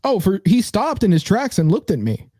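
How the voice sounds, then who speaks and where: A man with a fairly high, mellow voice talks quickly on a podcast, rambling with fillers and then pressing his co-host again and again. His delivery is loose and playful. The recording is dry and close. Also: huge pitch swings, husky, no room sound. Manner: rambling, hesitant, playfully insistent. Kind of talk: casual podcast banter.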